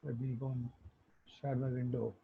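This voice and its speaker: A husky male instructor with vocal fry delivers an online class in a flat, mid-range voice at a moderate pace. He explains things stepwise and often checks in with tag questions, heard through muffled call audio.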